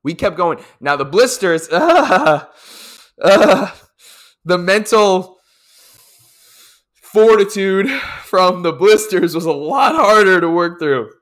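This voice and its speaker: Animated, swearing man hyping his own race. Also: high voice, slow pace, long pauses. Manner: animated, pumped-up, swears for emphasis; repeats phrases for emphasis. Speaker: triathlete recapping his race. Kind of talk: casual race recap podcast.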